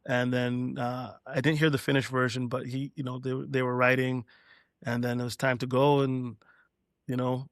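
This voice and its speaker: A man's voice: medium pitch, normal speed, no room sound, clean studio sound. A middle-aged man from Canada, a DJ and producer, telling a long anecdote in a casual podcast interview and acting out what others said. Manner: relaxed anecdote-telling, acting out quoted dialogue. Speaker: guest, DJ and producer.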